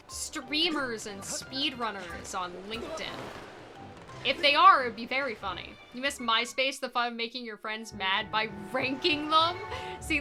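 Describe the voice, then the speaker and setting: Woman streamer, higher voice, loose chatty delivery, game music loud underneath. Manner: chatty, reads chat aloud, laughs often. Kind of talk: casual speedrun stream chat. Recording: game music playing behind.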